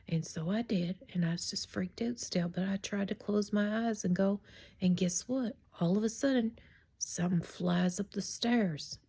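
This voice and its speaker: A middle-aged woman telling a true story in a chatty, rambling way, often dropping into a hushed whisper. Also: on the low side, normal speed, vocal fry, slightly rough. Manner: chatty and digressive. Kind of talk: casual spoken storytime.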